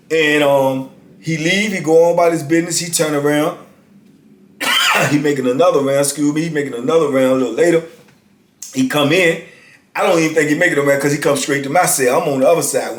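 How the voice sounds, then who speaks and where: A man in his fifties telling a prison story in casual talk, emphatic and repeating lines for weight. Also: a little high. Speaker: storyteller recounting prison life. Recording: roomy echo.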